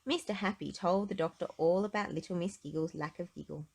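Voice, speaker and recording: A woman reading a children's storybook aloud in an expressive, gentle way. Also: fairly low pitch, a little fast, gravelly, slightly rough. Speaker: storybook reader.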